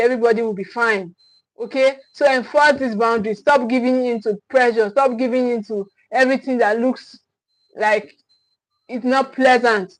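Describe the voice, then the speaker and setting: A woman with a high voice coaches parents in a livestream talk. She hammers each point home by repeating it, restarts her sentences often and keeps asking "okay?". The sound is dry, close and without room echo. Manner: emphatic and repetitive, restating key phrases; frequent restarts and checking "okay?".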